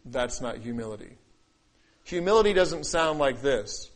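A man preaching a sermon, acting out quoted voices and scripture, swinging between loud declaiming and quiet asides. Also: medium pitch, animated, a little slow. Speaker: pastor.

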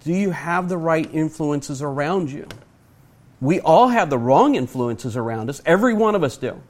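Earnest preacher man, slightly high voice. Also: animated, a little mellow. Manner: earnest, emphatic, speaks slowly to stress points; asks the audience direct questions. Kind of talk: sermon.

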